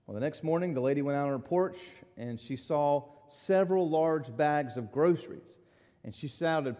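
A man's voice: fairly high pitch, animated, normal speed, dark tone. A male pastor preaching a sermon, telling a story and chatting with the congregation, heard in a church sanctuary. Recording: long reverb of a large hall.

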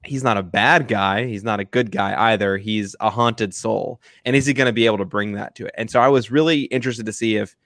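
A man's voice: on the low side, steady tone, fairly quick, hardly any pauses, fairly bright tone, no room sound, clean studio sound. A man co-hosting a casual film review chat, rambling with many restarts and fillers. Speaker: film review podcast co-host.

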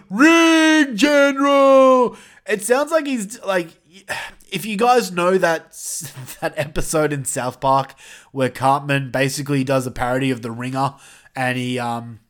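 A man's voice: mid-range voice, fairly bright tone. A man hosting a casual review podcast, talking bluntly with plenty of swearing and rambling asides. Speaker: podcast host.

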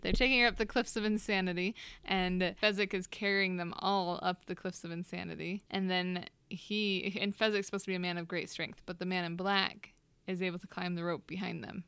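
Smooth-voiced female podcast co-host. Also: lowish voice, fairly quick, few pauses, no room sound. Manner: animated storytelling recap. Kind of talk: casual chat.

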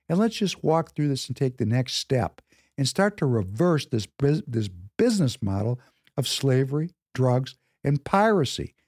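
Emphatic man with a lively, mellow voice. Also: medium pitch, breathy edge, no room sound, studio quality. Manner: emphatic, repeats phrases for effect; preachy, exhorting listeners. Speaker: podcast host. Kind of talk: impassioned monologue.

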